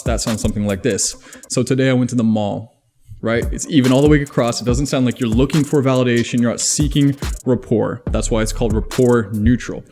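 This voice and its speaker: A man's voice: mid-range voice, dark tone, a little hiss or hum. A man hosting a self-improvement video, chatting casually and laughing at his own jokes. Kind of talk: casual advice monologue.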